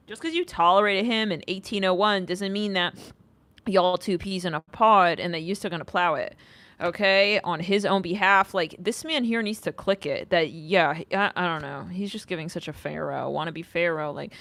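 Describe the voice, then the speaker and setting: A woman's voice: medium pitch, normal speed, a bit bright. A woman doing a casual tarot reading, rambling and sassy, with swearing along the way. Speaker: tarot reader.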